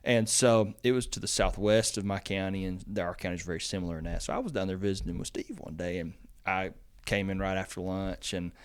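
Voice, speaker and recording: A man's voice: sits low, a little fast, clear, resonant tone. A man hosting a farm podcast, telling stories in a rambling, casual way with lots of fillers. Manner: rambling storyteller, lots of fillers, animated when excited. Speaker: extension agent podcast host.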